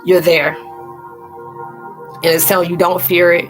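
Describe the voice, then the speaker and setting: A woman on a live-stream spiritual chat, her voice pitched a little low and close to tears. She talks earnestly and informally, calls her viewers sweetie and speaks to them by name, over faint music in the background. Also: flat delivery, a little slow, low-quality recording. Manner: colloquial, fillers and restarts, calls listeners sweetie.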